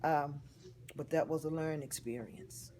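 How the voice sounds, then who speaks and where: A woman, telling a personal story in an interview in a heartfelt, expressive way. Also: low voice, moderate pace, a little hiss or hum. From Texas. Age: 50s.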